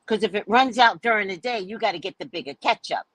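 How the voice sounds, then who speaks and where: A woman's voice: a little high, lively intonation, a little fast, hardly any pauses, noisy background. A woman hosting a casual commentary show, talking in a sassy, emphatic, lecturing way. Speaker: host.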